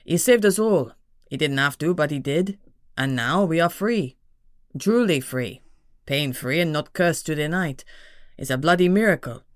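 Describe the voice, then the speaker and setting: A woman's voice: low-pitched, lively intonation, normal speed, no echo, clean studio sound. A woman voicing a cheeky, crude male winged gargoyle with a French accent, teasing and drawling. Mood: passionate.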